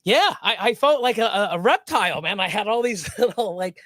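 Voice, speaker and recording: A man with a rather high voice tells a long story in loose, casual chat. He trips over his words, restarts often and swears freely. The sound is close and dry, with no room around it. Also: animated, brisk, fairly bright tone, no echo. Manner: rambling and profane, with many restarts. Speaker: live stream co-host.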